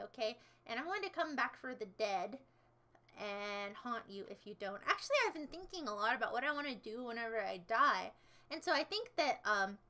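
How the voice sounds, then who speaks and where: A woman's voice: high-pitched, sharp tone. A young adult woman hosting a livestream and chatting casually as she reads viewer comments, playful and jokey with a self-mocking streak. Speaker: livestream host.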